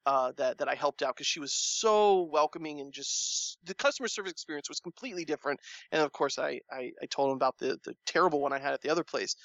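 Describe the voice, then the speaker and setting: Guy ranting about his day in a casual chat, acts out everyone's lines, dry dull sound. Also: no echo. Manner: animated storytelling, acts out quoted lines with rising pitch.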